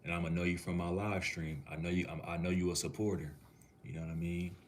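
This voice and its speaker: A man from Minneapolis, Minnesota, chats casually on a livestream, answering viewers' comments in a laid-back, easygoing way, like a cool uncle talking to the chat. His voice is low and flat, he talks fast, and there's slight background noise.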